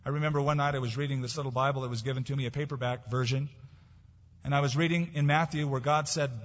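A middle-aged man preaching a sermon as pastor, emphatic, swinging between raised declarations and quiet asides. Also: medium pitch, fairly even intonation, quick pace. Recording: dull lo-fi recording in a reverberant hall.

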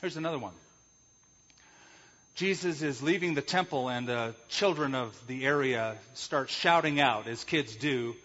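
In a mid-range, slightly bright voice, a pastor delivers a forceful sermon a little slowly, unpacking Greek terms and asking rhetorical questions. The audio is lo-fi and muffled, with the echo of a large hall.

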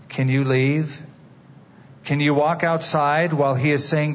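A man's voice: fairly high pitch, fairly even intonation, measured pace. A man preaching a sermon as a dramatic story, asking his listeners direct questions. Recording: dull, reverberant hall.

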